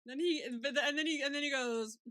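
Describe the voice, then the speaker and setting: A woman's voice: high-pitched, quick pace, fairly bright tone, no room sound, clean studio sound. A woman co-hosting a casual podcast recap, swearing freely and laughing often. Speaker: podcast co-host.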